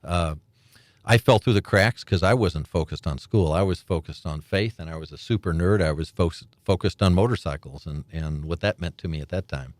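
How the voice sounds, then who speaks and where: Older male guest, deep voice, animated storyteller, dry close recording. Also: brisk, no echo. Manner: animated storyteller, laughs often, acts out quoted voices. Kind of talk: storytelling interview.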